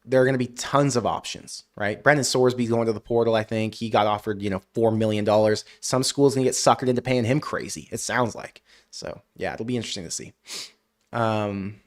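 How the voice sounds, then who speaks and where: A man hosting a live college football stream, reading viewer comments aloud and answering with animated rants. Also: lowish voice, brisk. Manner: ranting, animated outbursts; frequent "I don't know" hedging. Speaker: college football show host.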